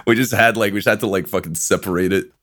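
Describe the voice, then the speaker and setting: A man's voice: fairly low pitch, quick pace. A young man chatting casually on a podcast, telling crude, laughing stories. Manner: laughing storyteller, crude and animated. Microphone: headset or desk mic on a voice call.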